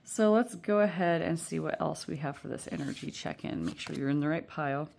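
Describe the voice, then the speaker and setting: A woman's voice: low-pitched, fairly quick, creaky, a little mellow. A woman giving a casual pick-a-card tarot reading, rambling and chatty with many fillers and frequent laughter.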